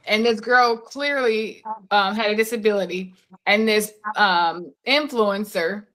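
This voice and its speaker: Bright-voiced woman telling a story. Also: mid-range voice, a little slow. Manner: animated storytelling with quoted voices. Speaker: podcast co-host. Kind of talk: casual chat.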